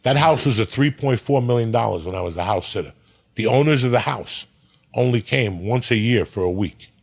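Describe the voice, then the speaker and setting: Guy in his middle years, raspy husky voice, cussing his way thru a story. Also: mid-range voice, a little fast. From New Jersey. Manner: profane, animated storyteller. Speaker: podcast guest. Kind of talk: casual storytelling.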